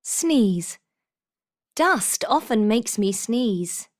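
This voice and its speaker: A woman reading vocabulary examples for a textbook in a clear, deliberate manner. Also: fairly high pitch, big pitch swings. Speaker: textbook audio reader.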